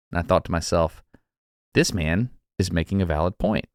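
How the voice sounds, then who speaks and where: A man's voice: low voice, a little fast, clean tone, no echo, studio quality. A man co-hosting a podcast, telling a story in casual chat and acting out the people in it. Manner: animated, acts out quotes with laughs. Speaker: podcast co-host.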